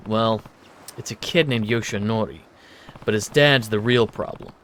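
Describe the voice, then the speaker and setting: A man doing a gruff, quiet protector. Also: moderate pace, slight background noise, close to an everyday voice. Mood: serious. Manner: low, hushed, serious.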